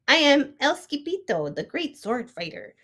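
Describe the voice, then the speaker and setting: This is a tiny, boastful male chihuahua sword fighter in a storybook, voiced by a woman. He speaks in a fairly high voice and a slow, deliberate rhythm, full of dramatic, playful exclamations. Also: sing-song, fairly bright tone, heavily acted. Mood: excited. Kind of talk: storybook read-aloud.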